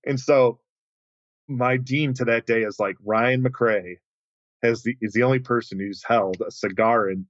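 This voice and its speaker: A man telling a lively story as a guest on an interview podcast, acting out the voices of the people in it. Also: normal speed, dry recording, muffled recording. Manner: animated, acts out quoted voices with big pitch jumps.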